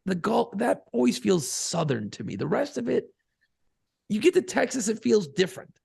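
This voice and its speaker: A man's voice: high voice, sing-song, normal speed, gravelly, a little mellow, breathy edge, no room sound, clean studio sound. A man from Buffalo, New York, co-hosting a podcast in casual, profane, rambling banter. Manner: profane, rambling, laughs often. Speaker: podcast co-host.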